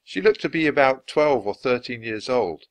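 Expressive man reading a children's book. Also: mid-range voice, moderate pace, no room sound. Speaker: storybook reader. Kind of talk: children's book read aloud for learners.

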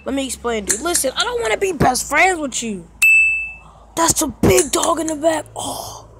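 A woman playing a texting game and reading its chat lines aloud in casual commentary, with animated, playful reactions. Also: sits high, normal speed. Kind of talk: casual let's-play commentary. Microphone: phone microphone via screen recorder. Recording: loud noisy phone screen recording with clicks.

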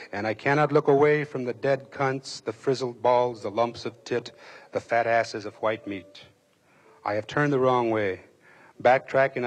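A man reads a first-person memoir passage aloud in a measured, dramatic way. He lingers over vivid lists and details. His voice is husky and a little rough, with a mid-range pitch. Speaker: reader.

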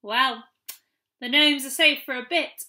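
A woman's voice: high-pitched, a little slow, pushed and bright, exaggerated voice. A woman reading a cheerful pixie boy. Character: cheerful young male pixie guide. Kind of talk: children's audiobook reading.

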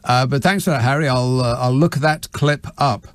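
A man's voice: mid-range voice, normal speed, a little hiss or hum. A man hosting a late-night radio phone-in, teasing his callers in a sardonic, casual way. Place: radio studio.

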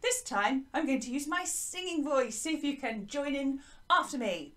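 An English woman leads a lively online music lesson for young children, bright and encouraging in her delivery. Her voice sits high and swoops up and down animatedly. She speaks from a small hut into a desk microphone. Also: moderate pace. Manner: bright, encouraging, sing-song teacher talk. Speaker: primary music teacher. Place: small garden hut classroom. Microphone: desk microphone by laptop.

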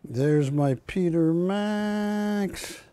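A man presenting art on a live TV shopping broadcast, talking slowly in a somewhat higher voice. His delivery wanders through anecdotes and corrections, and the sound is dry, close and studio-clean. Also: dark tone, no echo. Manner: rambling anecdotal storytelling, self-correcting. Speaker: shopping channel host.

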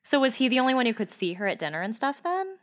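A woman's voice: sits high, sing-song, fast talker. A woman co-hosting a podcast, reacting in casual chat and laughing often. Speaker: podcast co-host.

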